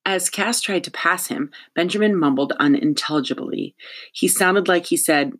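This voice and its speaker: An audiobook narrator reading a chapter aloud in a steady, even storytelling voice. The pitch sits in a middle range. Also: normal speed. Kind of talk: scripted narration.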